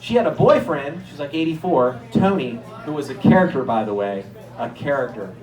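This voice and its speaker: A man's voice: mid-range voice, lively intonation, a little fast, a little mellow. A man from the Erie, Pennsylvania area doing a stand-up routine, telling stories in a chatty, self-deprecating way. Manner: self-deprecating, conversational storytelling. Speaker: stand-up comedian. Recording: echoey room.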